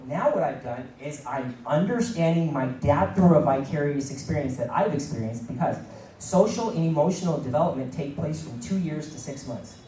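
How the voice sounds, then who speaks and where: A man's voice: on the high side, mellow, slight background noise. A middle-aged man giving a motivational keynote talk, repeating phrases for emphasis and acting out quoted dialogue. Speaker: keynote speaker. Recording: echoey room, mic at a distance.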